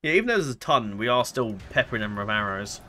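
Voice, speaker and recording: A man's voice: medium pitch, sing-song, fast talker, pushed and bright, a little hiss or hum. A man giving casual let's-play commentary, rambling and hesitant, full of fillers and self-corrections. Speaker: gameplay commentator.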